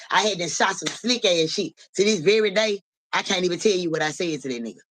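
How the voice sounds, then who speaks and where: With no room sound and a quick pace, a woman hosting a live stream tells a street story casually. She's animated, slangy and profane, keeps asking "you know what I'm saying," and acts out voices that rise high and loud.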